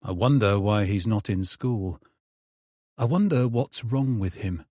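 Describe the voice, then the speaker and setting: A man's voice: lowish voice, measured pace, a little mellow, no echo. A man narrating a first-person thriller audiobook in a weary, bitter tone, recorded on a close studio mic.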